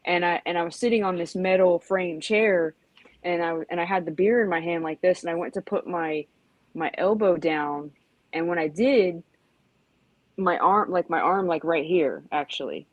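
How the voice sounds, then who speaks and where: A woman's voice: fairly low pitch, moderate pace, dry recording, highs cut off. A woman in her forties telling a rambling story in casual chat, full of "you know" and "like", acting out yelps. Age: 40s. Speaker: podcast host.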